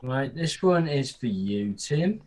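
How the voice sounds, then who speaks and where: A man's voice: mid-range voice, sing-song, slow, a loud crowd. A man with a Welsh accent hosting a casual livestream chat in an easygoing, matter-of-fact way. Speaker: host.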